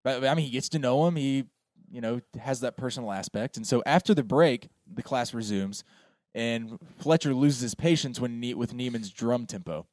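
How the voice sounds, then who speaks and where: A man's voice: mid-range voice, normal speed, darkish tone, dry recording. A man co-hosting a movie review podcast, retelling scenes in casual chat and acting out the quoted lines. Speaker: podcast co-host.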